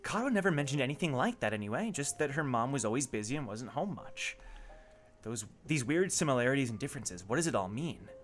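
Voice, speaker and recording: Excitable young male game streamer. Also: mid-range voice, quick pace, soft background music. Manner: excitable, animated reactions and speculation. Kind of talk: live let's play commentary.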